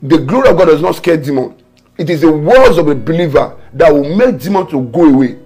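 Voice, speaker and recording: A man's voice: on the high side, lively intonation, a little fast, dark tone, husky. A man pastor preaching an online morning prayer sermon, fervent, mixing tongues and repeated decrees with stories. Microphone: home camera setup for an online broadcast.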